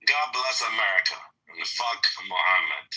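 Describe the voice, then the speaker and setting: A man's voice: on the low side, expressive, normal speed, sharp tone, slightly rough. A man heckling combatively in a heated live online voice chat.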